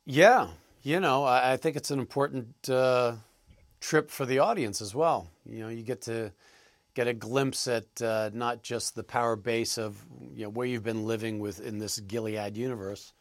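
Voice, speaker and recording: A man answering interview questions as an actor guest, halting and thoughtful with many pauses. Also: mid-range voice, no echo, studio quality.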